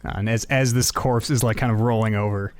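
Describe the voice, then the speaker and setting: A man narrating a tabletop game as game master, hesitant and animated, with many pauses and restarts. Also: on the low side, no echo.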